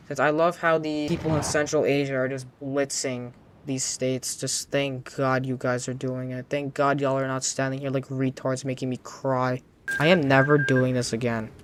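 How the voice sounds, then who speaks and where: A man's voice: mid-range voice, a little hiss or hum. A man giving let's-play commentary while gaming, exasperated, pleading and swearing often. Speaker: gaming channel host.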